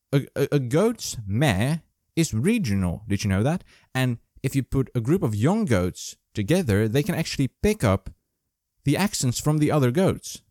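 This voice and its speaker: A man hosting his own casual video, joking and rambling through animal facts in a playful, animated way. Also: medium pitch, dry recording, clean studio sound. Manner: playful, jokey, animated, full of asides. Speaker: vlog host. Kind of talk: casual comedic fact-sharing monologue. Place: Germany.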